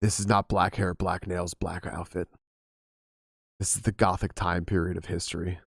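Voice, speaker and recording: A man voicing a tall, serious male literature professor in a deep, solemn lecturing tone, while a little hoarse from losing his voice. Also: level tone, normal speed, no echo, clean studio sound, full character voice.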